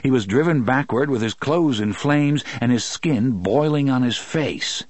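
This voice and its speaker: A man reading an audiobook in a steady, measured narration. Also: mid-range voice, no echo. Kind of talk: scripted narration.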